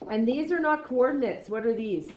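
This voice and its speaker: A woman leads a math lesson in a relaxed, chatty way. She keeps firing off quick questions and answering them herself. The recording is a bit dull, with faint background noise. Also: fairly high pitch. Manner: casual and encouraging. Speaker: math teacher. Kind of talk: classroom lecture.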